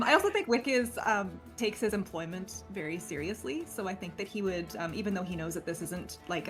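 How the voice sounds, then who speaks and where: Woman player chatting in a game, lots of likes and ums, lowish voice, music under. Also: fairly bright tone. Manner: giggly, rambling, many fillers. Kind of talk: casual tabletop play.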